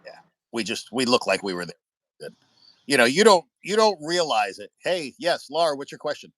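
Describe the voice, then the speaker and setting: A man's voice: medium pitch, very animated, normal speed, fairly bright tone, dry recording. A man from the United States hosting a live stream, chatting with viewers and telling rambling stories, swearing freely. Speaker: livestream host. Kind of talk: casual chat with viewers. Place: indoors at home by a window.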